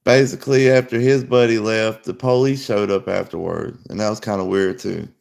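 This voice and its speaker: A man's voice: lowish voice, normal speed, gravelly, darkish tone. A young man casually telling a rambling story, full of fillers. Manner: rambling, loose, lots of fillers. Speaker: podcast host.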